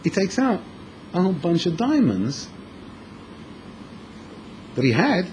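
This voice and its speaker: Animated high-voiced male preacher. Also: takes it slowly, a little hiss or hum. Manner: animated, dramatic storyteller, repeating words for emphasis. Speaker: speaker addressing a room of young men. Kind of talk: storytelling sermon. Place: room with an audience.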